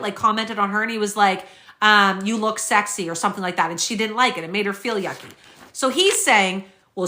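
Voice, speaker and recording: A woman's voice: fairly high pitch, sharp tone. A woman vlogger reading out legal filings and reacting with indignant, sarcastic commentary. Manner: indignant, fired up, sarcastic asides.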